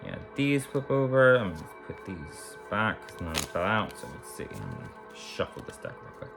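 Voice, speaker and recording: A man with a lowish voice gives a casual tarot reading straight to camera. He rambles and repeats himself, stacking up warm, affirming words. Faint music plays underneath. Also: huge pitch swings, normal speed, gravelly. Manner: rambling, repetitive, warmly affirming. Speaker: tarot reader.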